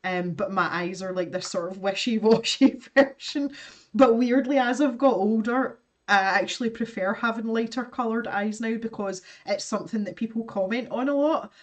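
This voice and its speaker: A woman's voice: fairly high pitch, moderate pace, far from the mic. A woman from Scotland, in her thirties, chatting casually and self-deprecatingly while she draws on a livestream and reads out viewer comments, laughing often. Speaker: artist livestreaming her drawing.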